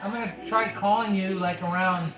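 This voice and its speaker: Chatty folksy dad in an echoey room. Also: male voice, high-pitched, steady tone, moderate pace. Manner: folksy, calls the listener son, chatty about betting odds. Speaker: host, father on a live stream. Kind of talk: casual live-stream chat. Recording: echoey room with loud music.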